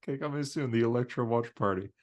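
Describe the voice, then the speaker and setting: A man's voice: mid-range voice, quick pace. A young man co-hosting a casual podcast over a video call, rambling and laughing often. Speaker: podcast co-host. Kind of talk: casual chat.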